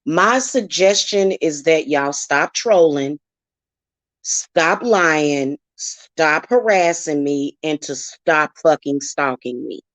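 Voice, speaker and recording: A woman's voice: deep voice, slow, a bit bright, no room sound. A woman hosting her own channel, delivering a heated, profane, confrontational rant at her critics. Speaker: spiritual reader and channel host. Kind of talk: angry vlog rant.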